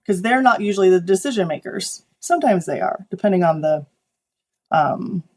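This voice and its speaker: A woman photographer, a guest on an interview show, telling animated stories about client work and acting out the people she quotes. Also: mid-range voice, normal speed. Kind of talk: conversational interview.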